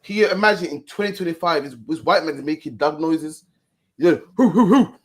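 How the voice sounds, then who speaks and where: A man's voice: fairly high pitch, a little fast. A man preaching in casual street commentary, repeating himself and often ending lines with "man". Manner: preachy, repeats "man" at line ends, mocking mimicry.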